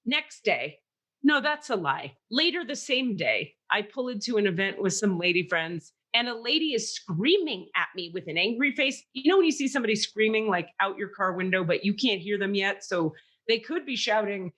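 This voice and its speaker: A woman's voice: fairly high pitch, lively intonation, normal speed, pushed and bright. A woman co-hosting a podcast, telling a story in casual chat and acting out the voices she quotes. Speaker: podcast co-host.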